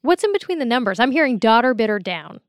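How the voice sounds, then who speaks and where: A woman's voice: fairly high pitch, very animated, fast, no room sound, studio quality. A woman hosting a radio show who asks her guest curious, playful questions. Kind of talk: radio interview.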